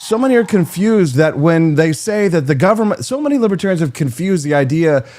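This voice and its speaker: A man's voice: a little high, animated, brisk, darkish tone. A man hosting a talk show, delivering an opinionated, sarcastic monologue and swearing freely.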